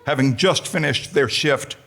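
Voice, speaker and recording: A man's voice: medium pitch, unhurried, gravelly, very noisy. A middle-aged American man from New Jersey, introducing a colleague at a formal lecture with dry, self-deprecating humor. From United States, New Jersey. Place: lecture hall.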